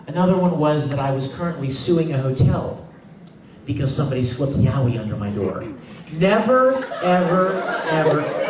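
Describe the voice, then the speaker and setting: A man, a voice actor, telling stories on a convention panel in an animated, emphatic way, often laughing. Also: mid-range voice, noisy background. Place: large convention hall. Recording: echoey hall recorded from far off.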